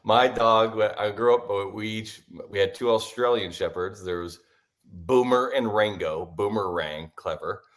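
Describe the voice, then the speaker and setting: A man with a somewhat low voice, co-hosting a casual podcast. He talks in a laid-back way and chuckles often while he tells his stories. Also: measured pace. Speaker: podcast co-host.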